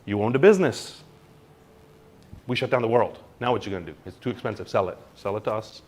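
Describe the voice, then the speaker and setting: A man giving an informal seminar talk on money, blunt and animated, acting out little exchanges in mock voices. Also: fairly low pitch, fast. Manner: blunt, swears casually. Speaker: crypto educator.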